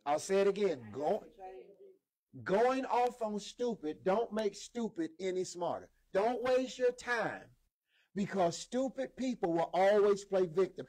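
A man's voice: sits high, lively intonation, measured pace, darkish tone. A male preacher delivering a sermon emphatically. He repeats key lines and calls for responses from listeners, recorded on a modest microphone. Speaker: preacher and lead instructor.

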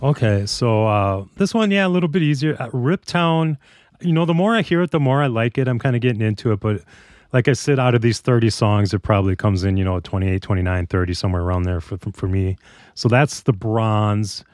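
A man's voice: fairly low pitch, a little fast, a little mellow, no echo, studio quality. A man co-hosting a podcast, chatting casually and rambling with enthusiasm. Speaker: podcast co-host.

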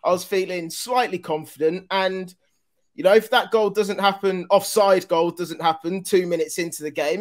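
High-voiced bloke, laid-back, casual guest on a podcast. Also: male voice, steady tone, moderate pace. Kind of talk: casual chat.

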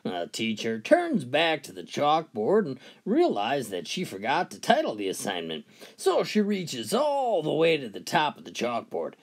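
Man telling jokes with a swooping voice. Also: huge pitch swings. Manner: folksy, drawn-out delivery, pitch swinging widely between characters. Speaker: joke teller. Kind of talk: storytelling jokes with character voices.

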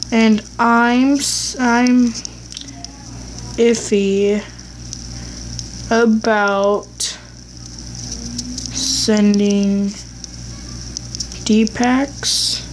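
A woman with a fairly high voice chats through a game recording at an unhurried pace. She rambles, talks to herself and speaks bluntly, and a faint hiss sits under her voice. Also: fairly even intonation. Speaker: gaming YouTuber. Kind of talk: casual gameplay commentary.

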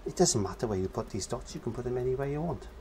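A man's voice: mid-range voice, expressive, fast talker, mellow, slight background noise. Chatty man teaching painting, humming along. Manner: chatty, hums and sings nonsense syllables while painting. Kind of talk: casual painting lesson.

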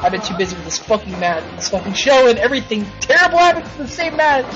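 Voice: medium pitch, fast, music in the background, a crowd in the background. Ranting, foul-mouthed game show host. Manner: profane, ranting, frustrated. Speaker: host running a simulated wrestling show. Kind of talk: live play commentary. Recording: dull lo-fi recording.

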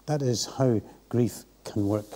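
A man's voice: mid-range voice, slow, dark tone. A man preaching a sermon in church, earnest and reflective. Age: 60s.

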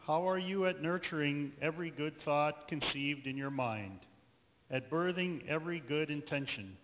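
A woman voicing a gentle unseen divine voice that directs a play, soft and lower than her own, asking kind, probing questions, heard in an echoey church over a tinny line. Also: expressive, unhurried, a little hiss or hum. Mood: gently probing.

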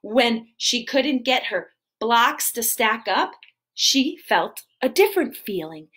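A woman storyteller for preschoolers, high and bright, with a voice that swoops up and down in a lively sing-song. She takes her time, speaking slowly and clearly while addressing the children directly. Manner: animated, sing-song, talks straight to the kids. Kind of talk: preschool storytelling live stream.

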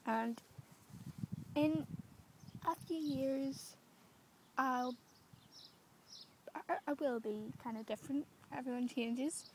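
A young woman from the UK vlogging into her phone in a public street, talking quietly and self-consciously, rambling and often slipping into a whisper. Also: high-pitched, slow pace, long pauses, a little hiss or hum. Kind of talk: casual vlog to phone. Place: outdoors in public, residential street. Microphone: phone camera.

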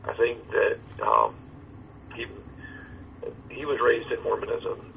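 A man who is a pastor, talking earnestly and in a measured way over a call, heard through a phone line. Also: medium pitch, sing-song, gravelly. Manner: earnest, measured, reciting a hymn slowly. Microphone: phone or video call. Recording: tinny phone line with faint noise.

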